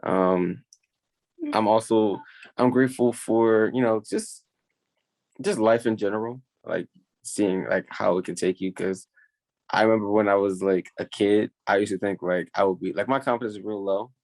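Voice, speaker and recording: A man's voice: on the low side, fairly even intonation, normal speed, darkish tone. Young guy podcast host, rambly casual chat, lotta "like"s. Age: young adult. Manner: loose, rambling, lots of "like" fillers.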